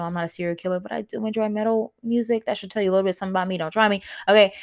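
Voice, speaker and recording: Woman podcast host just chatting solo, kinda low voice, candid and joking around with her listeners. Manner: candid, playful, talks straight to listeners. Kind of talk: casual solo podcast talk.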